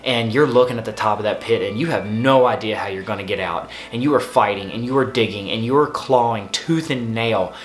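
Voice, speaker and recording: A man's voice: fairly low pitch, fairly quick, few pauses, roomy sound. A man hosting his own channel, giving earnest, repetitive, pleading advice. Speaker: host.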